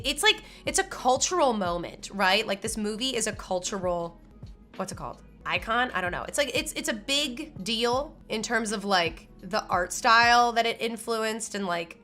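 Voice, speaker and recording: A young woman with a bright, clear-edged voice talks through her opinions in a loose, chatty vlog style. She is expressive and keeps dropping in fillers as she goes. Soft music plays faintly underneath. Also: fairly high pitch. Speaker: YouTuber ranking movies.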